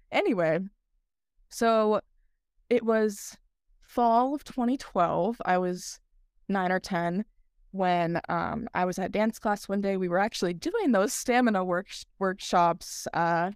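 A young woman talks through her story on a podcast, loose and chatty, with a filler in nearly every phrase. Her voice is smooth and clear, sitting at an ordinary middle pitch. The sound is dry and close, with no room around it. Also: slow pace, no room sound. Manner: chatty, lots of "like" fillers, laughs often. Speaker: podcast co-host. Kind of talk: casual podcast chat.

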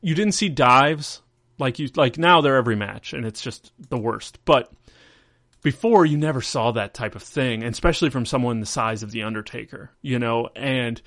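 A man's voice: mid-range voice, normal speed, fairly bright tone, no room sound. Rambling man on a dry podcast mic. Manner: rambling, filler-heavy storytelling. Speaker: podcast host. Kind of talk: casual chat.

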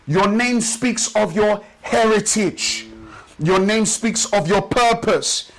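Male pastor with a high voice, rhythmic repetitive sermon delivery. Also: faint music behind, poor audio. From Nigeria. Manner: rhythmic preaching with repeated phrases, slows for emphasis. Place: church service.

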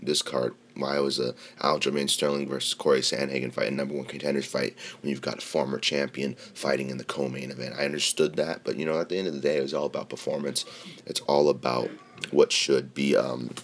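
A man's voice: very deep voice, little pitch movement, fairly quick, vocal fry. A man talking casually as a podcast host, rambling with lots of fillers and swearing freely. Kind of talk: casual opinion talk on mixed martial arts.

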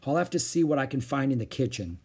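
A man's voice: mid-range voice, lively intonation, fast, a little mellow, slightly rough. A man reading a children's book aloud, voicing a flustered mother who stays firm. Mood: weary. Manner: anxious yet firm.

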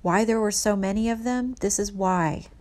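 A woman narrating history from her notes in a casual, earnest way, emphatic and halting with many restarts. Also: medium pitch, a little mellow.

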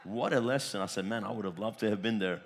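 A man preaching a sermon as pastor, storytelling with repeated phrases and swinging between loud declarations and soft asides. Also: fairly low pitch, quick pace.

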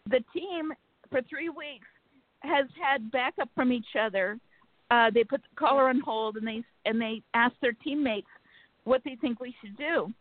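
A woman calling in to a talk show, telling her story in an earnest, frustrated way with many fillers and pauses. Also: high voice, no room sound. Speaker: caller. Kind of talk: phone-in storytelling. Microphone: telephone. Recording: phone line.

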